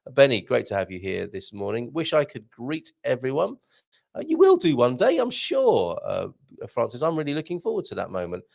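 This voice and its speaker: Reading out viewer comments on his live morning stream, this man keeps the chat casual and jokey. His medium-pitched voice is creaky with a darkish tone, swings hugely in pitch and runs a little fast.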